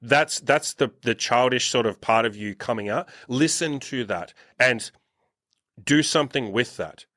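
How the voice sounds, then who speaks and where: A man's voice: medium pitch, a little slow, fairly bright tone, no echo, studio quality. A man hosting a podcast in casual conversation, talking bluntly with plenty of swearing and acting out the voices of people he quotes. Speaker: podcast host and dating coach.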